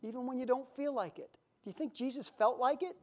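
A pastor preaching a sermon in a conversational, emotional way, with sudden loud outbursts. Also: male voice, very high-pitched, quick pace.

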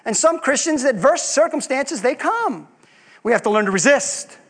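High-voiced man preaching a sermon. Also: animated, moderate pace, a bit bright. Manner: preaching with rhetorical questions to the congregation. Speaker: pastor.

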